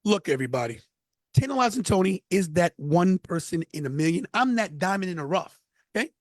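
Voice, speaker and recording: Animated high-voiced man. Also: brisk, no room sound. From New York. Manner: animated storyteller. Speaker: podcast guest. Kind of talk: casual interview.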